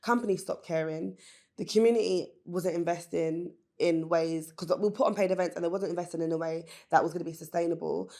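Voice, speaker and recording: A woman speaks as a guest on a podcast and tells her story candidly and earnestly. Her voice sits fairly low, and she uses fillers and restarts. She talks in a casual way. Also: a little fast, darkish tone. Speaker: guest, business founder. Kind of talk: casual interview chat.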